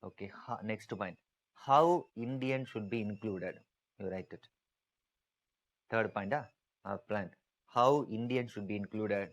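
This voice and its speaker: A man's voice: lowish voice, a little slow, pauses often, highs cut off. A male teacher giving an online exam-prep lecture, repeating key points with emphasis and asking students to type their answers.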